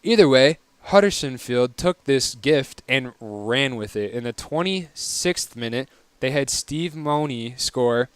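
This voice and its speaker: A man's voice: medium pitch, lively intonation, takes it slowly, few pauses, clean tone, dry recording. A young man hosting a casual solo soccer recap, chatty, wry and opinionated. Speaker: podcast host.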